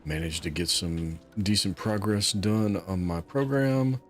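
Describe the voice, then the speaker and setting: Low-voiced guy chatting through a game, laid back, faint music behind. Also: a little slow. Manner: relaxed, musing aloud, chatty. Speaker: gameplay host. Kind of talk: let's play commentary.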